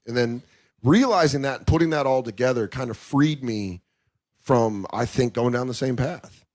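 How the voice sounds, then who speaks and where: Talking frankly as a podcast guest, this thirty-something comedian delivers animated, profane anecdotes, voicing the people he quotes. His medium-pitched delivery is brisk.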